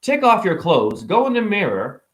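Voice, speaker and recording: A man with a high voice that leaps all over its range rants through a rambling spiritual monologue to camera. He preaches, jokes and swears casually. He keeps exclaiming as he talks. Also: normal speed. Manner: animated, preachy, joking, exclaiming. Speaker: spiritual vlogger.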